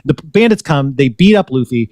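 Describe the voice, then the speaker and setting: A man's voice: mid-range voice, expressive, moderate pace, a little mellow, no echo, clean studio sound. A man hosting a podcast, retelling a story in a rambling way and correcting himself often. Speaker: podcast host. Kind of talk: casual chat.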